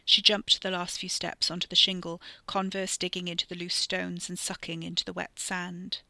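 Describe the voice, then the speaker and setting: Horror podcast narrator, steady measured read, drops to whispers sometimes, very bright sharp voice, dry close mic. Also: medium pitch, gravelly, no room sound. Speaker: podcast storyteller. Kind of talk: scripted narration of a horror story.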